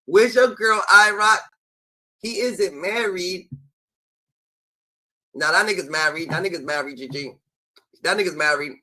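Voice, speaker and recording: Brief: man, high bright voice, profane rambling stream host who trails off mid-thought. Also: unhurried, pauses often, rough recording. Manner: profane, scolding. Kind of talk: heated casual live-stream talk.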